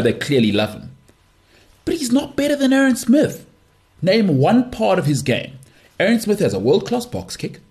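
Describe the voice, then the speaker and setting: This is a man with a middle-pitched voice hosting a sports podcast on his own. He talks emphatically and dismissively, cutting off opposing views and driving his points home by repeating them. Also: a little mellow. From South Africa. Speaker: podcast host. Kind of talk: opinionated solo sports talk.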